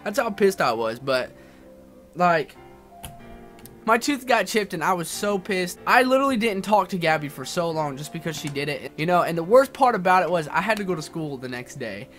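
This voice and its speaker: A young man in his twenties tells a personal story straight to camera in a loose, rambling way. He restarts his sentences and swears casually, and his voice sits a little high. Faint music plays underneath. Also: very animated, moderate pace, fairly bright tone. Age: 20s. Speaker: YouTuber.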